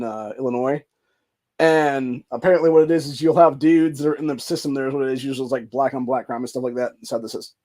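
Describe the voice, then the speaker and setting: A man's voice: mid-range voice, darkish tone. A man hosting a podcast, rambling in casual commentary with lots of swearing and filler phrases. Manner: rambling and profane, full of fillers. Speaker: podcast host.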